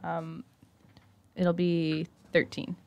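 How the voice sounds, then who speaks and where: A woman's voice: on the low side, completely flat delivery, extremely slow, a little mellow, highs cut off. Hesitant woman playing a tabletop game. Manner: hesitant, with frequent ums. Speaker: player. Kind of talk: casual tabletop game play.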